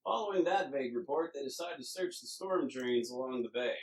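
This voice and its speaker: A man's voice: mid-range voice, lively intonation, brisk, far from the mic, natural voice, poor audio. A man voicing a polite, businesslike leader who gives formal briefings with a few hesitations. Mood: explaining.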